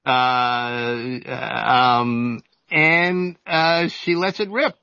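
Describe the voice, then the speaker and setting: A man in his seventies, an author and journalist giving an interview, telling stories in a halting way full of fillers and restarts. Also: medium pitch, vocal fry, sharp tone, clean tone, no room sound, muffled recording. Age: 70s. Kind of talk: casual storytelling interview.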